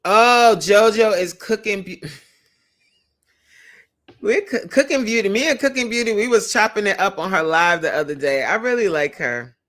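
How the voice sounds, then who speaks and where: A woman's voice: medium pitch, animated, moderate pace, fairly bright tone. A woman hosting a casual livestream, chatty, laughing often and reading viewer comments aloud. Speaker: livestream host and creator coach.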